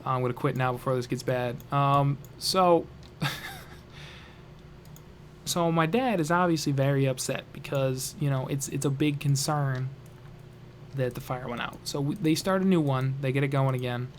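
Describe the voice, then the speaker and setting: A man's voice: mid-range voice, moderate pace, a little hiss or hum. A young man casually telling a funny family story on a vlog, rambling and joking. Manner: rambling, lots of fillers and restarts, jokey.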